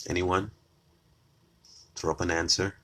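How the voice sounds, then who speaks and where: A man's voice: low-pitched, flat delivery, measured pace, bright, forceful tone. A man giving a combative opinion monologue straight to his viewers, repeating his lines for emphasis. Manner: combative, repetitive, addresses viewers directly. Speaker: political commentator.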